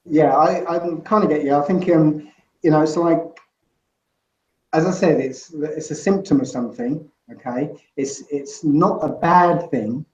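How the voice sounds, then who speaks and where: A man's voice: fairly high pitch, a little slow, darkish tone. A man talking as a guest in a casual interview, rambling and checking in with "you know" and "right?" as he explains. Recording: roomy, muffled lo-fi sound.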